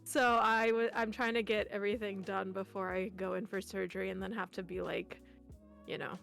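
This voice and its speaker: A playful, giggly woman chats casually on a stream with a gravelly, fry-laced voice at a middling pitch. Faint music plays behind her. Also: little pitch movement, normal speed, fairly bright tone. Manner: playful and giggly, with frequent laughs and goofy noises. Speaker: guest streamer.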